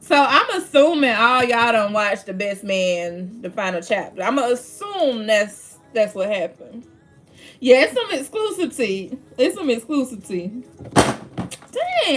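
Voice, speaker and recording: Woman livestream host, high voice, chatty, greets viewers by name. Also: fairly bright tone. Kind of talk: casual livestream chat.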